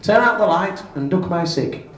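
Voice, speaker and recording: A man's voice: sits high, animated, normal speed. Man doing a bawdy pantomime prince. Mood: cheeky. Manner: bawdy spoonerism comic delivery. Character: crude randy pantomime prince. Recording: echoey pub from far off.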